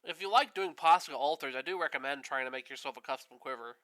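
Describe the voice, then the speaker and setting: A man's voice: a little high, fast, bright, forceful tone. A man hosting a stream, chatting in a rambling, easygoing way while he paints. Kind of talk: casual chat while painting. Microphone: streaming setup.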